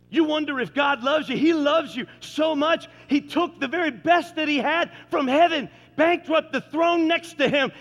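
A man preaching a sermon in a church, delivering it fervently and rising to shouts at the peaks. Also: extremely high pitch. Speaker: pastor. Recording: long church reverb with faint music.

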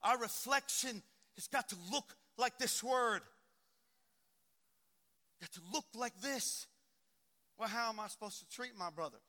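A man preaching a sermon, swinging from quiet talk to shouting. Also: extremely high pitch, unhurried, long pauses. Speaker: pastor. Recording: long hall reverb.

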